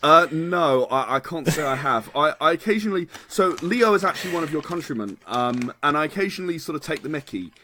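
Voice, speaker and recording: A man's voice: a little high, animated, fairly quick, few pauses, pushed and bright, slight background noise. A man, a game designer chatting as a podcast guest, rambling and qualifying himself with frequent laughs. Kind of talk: casual podcast interview.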